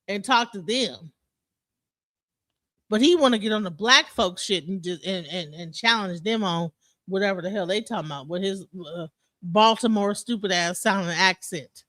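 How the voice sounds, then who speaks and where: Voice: medium pitch, bright, forceful tone, no room sound. A livestream host with a Detroit accent, ranting casually and bluntly, heated and profane, with frequent restarts.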